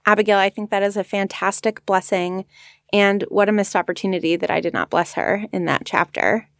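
A woman hosting a podcast, talking in a relaxed, reflective, conversational way and often stopping to think aloud. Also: mid-range voice, brisk, no room sound, studio quality. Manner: thoughtful, conversational, frequent "like" fillers. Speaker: podcast host. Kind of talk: casual reflective discussion.

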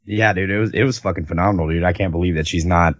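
A man's voice: sits low, fast, no room sound, muffled recording. A man hosting a podcast who chats casually, swears a lot and praises his guest with enthusiasm. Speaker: podcast host. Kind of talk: casual interview chat.

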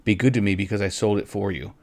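A man's voice: fairly low pitch, steady tone, fast talker, lightly acted. A man voicing a young, loving and anxious wife in a read-aloud story, in an earnest, pleading way.

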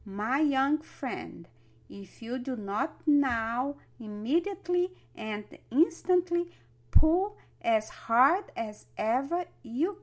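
Storybook python, pompous and wordy, slow and formal; woman reader voicing him. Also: sits high. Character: elderly male snake, pompous and wordy.

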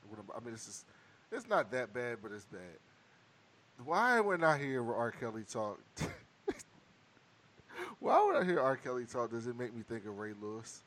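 Wry man commenting with a lively voice. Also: mid-range voice, normal speed, long pauses. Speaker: podcast co-host. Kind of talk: casual chat.

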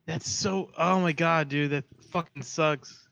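A man's voice: fairly high pitch, fairly even intonation, unhurried, vocal fry, a bit bright. Frustrated young man venting. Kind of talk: casual chat.

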